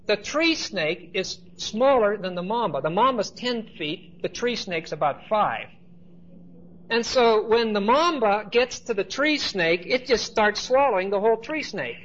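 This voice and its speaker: Man, pastor, conversational sermon, slightly high voice, dull lo-fi recording, faint hiss. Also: lively intonation, unhurried, fairly bright tone. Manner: conversational storytelling with asides to the congregation.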